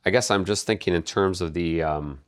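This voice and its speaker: A man co-hosting a podcast, speaking in a measured, halting way about poetry and pausing often to find his words. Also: low-pitched, clear, resonant tone. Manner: measured, halting, with many pauses and fillers. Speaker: podcast co-host. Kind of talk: casual literary discussion.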